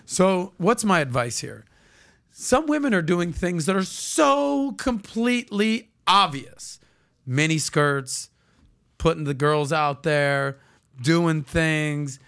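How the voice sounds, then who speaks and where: A man hosting a podcast, telling stories in casual chat and acting out the people he quotes in loud, high voices. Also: animated, slow pace, creaky, clean tone. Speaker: podcast host.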